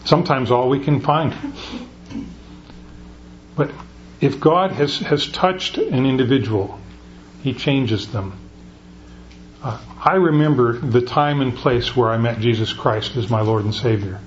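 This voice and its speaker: A man's voice: mid-range voice, takes it slowly, long pauses, highs cut off, a little hiss or hum. A middle-aged man preaching a conversational sermon, often restarting his sentences. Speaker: pastor.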